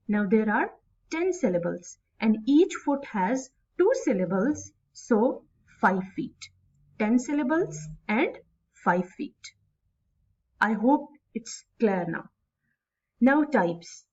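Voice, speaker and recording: Slow Pakistani-accented woman teaching. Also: on the high side, sing-song, darkish tone, slightly rough. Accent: Pakistani English. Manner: slow, deliberate, stretching words syllable by syllable. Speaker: English instructor. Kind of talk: recorded classroom lecture. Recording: distant mic, dull lo-fi sound.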